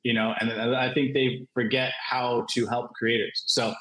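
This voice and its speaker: A comic creator, a guest on a virtual panel, shares a casual anecdote with lots of laughter and frequent "like" fillers, telling it in an animated way. He has a mid-range voice at normal speed, recorded in a roomy, echoing space.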